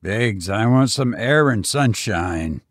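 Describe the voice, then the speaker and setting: A gravely ill old banker speaks in a low, commanding voice, slow and blunt, as the narrator plays him. The storybook reading is close and dry, with no room around it. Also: male voice, lively intonation, no echo. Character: dying old male banker, stern and commanding.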